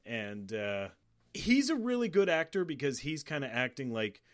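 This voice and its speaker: A man's voice: medium pitch, big pitch swings, normal speed. A man in casual film talk, describing shots and lighting in detail with some swearing. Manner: descriptive, profane, lingers on visual details.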